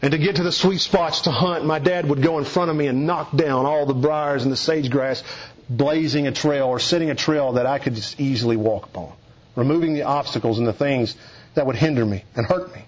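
A man preaching a sermon, emphatic, dropping low and hushed, then rising with urgency. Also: brisk. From Eastern Kentucky. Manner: emphatic, swings between low hushed lines and raised urgent ones. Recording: dull lo-fi sound.

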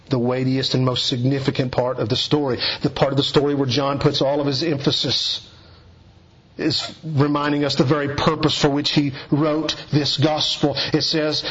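A man preaching an expository sermon in a measured way, slowing down on key phrases for emphasis. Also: medium pitch, slightly rough, dull audio.

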